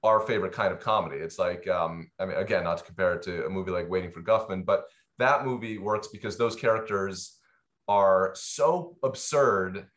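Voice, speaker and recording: A man's voice: deep voice, normal speed, a bit bright. A man, a film co-director, talking thoughtfully in a casual interview, with plenty of fillers and hesitations.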